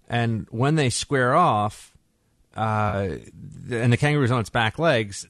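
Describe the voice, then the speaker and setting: A talk radio host tells stories in an animated, conversational way into a studio microphone. His voice is medium in pitch, and the recording is dry.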